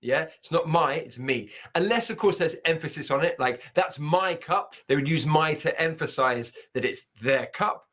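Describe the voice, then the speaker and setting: A man gives a cheerful online pronunciation lesson, his voice sitting a touch high. He stops to repeat example words slowly so each sound comes through. The recording is dull and lo-fi. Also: fairly bright tone. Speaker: English teacher.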